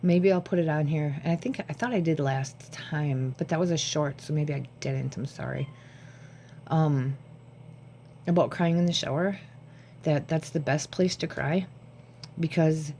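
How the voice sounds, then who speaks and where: A woman with a lowish, mellow voice talks to her phone camera at home. Short on sleep, she rambles casually from one thought to another. A faint hum sits under her voice. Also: unhurried. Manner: rambling, jumps between thoughts. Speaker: vlogger.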